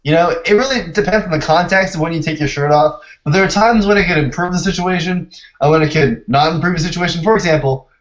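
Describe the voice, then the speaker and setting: A man chatting calmly on a podcast, reasoning through an example. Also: fairly high pitch, quick pace. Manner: calm, reasoning. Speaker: podcast co-host. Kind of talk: casual chat. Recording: dull lo-fi mic.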